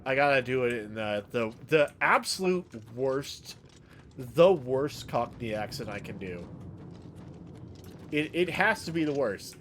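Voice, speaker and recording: While playing a video game on stream, a man rambles and jokes casually with his viewers, responding to their chat. His mid-range voice has a fairly bright tone, and a little hiss or hum is audible.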